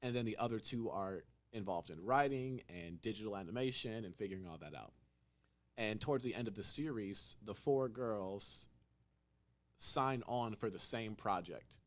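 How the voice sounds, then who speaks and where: Young male podcast host, low voice, animated storyteller who acts out lines. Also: moderate pace. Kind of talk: casual chat.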